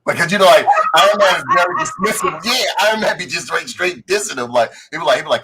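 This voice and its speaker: A man co-hosts a casual pop-culture podcast, retelling a show scene by scene, acting out characters' lines and swearing freely. His fairly high voice is animated, fast and pushed, bright and slightly rough, with few pauses. The audio is poor.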